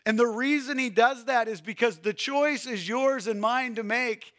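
A man preaching a sermon as pastor, swinging from shouted urging to hushed, quiet pleading. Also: extremely high pitch, moderate pace.

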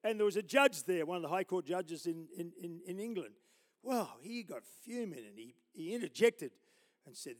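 An older Australian man, a pastor, telling his testimony in a sermon with loud preaching bursts and laughter. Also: high-pitched, expressive, brisk.

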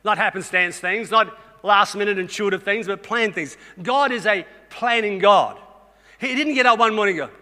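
Bright-voiced Australian preacher in a reverberant hall. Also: male voice, high-pitched, normal speed. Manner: energetic and conversational, talks straight to the congregation with humor. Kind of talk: sermon. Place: church auditorium.

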